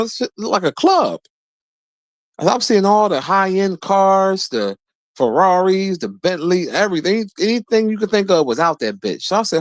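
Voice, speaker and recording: A man's voice: moderate pace, dry recording. Profane man in his forties telling a story. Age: 40s. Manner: profane, animated, jumps high when quoting people. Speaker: streamer host. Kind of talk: casual storytelling rant.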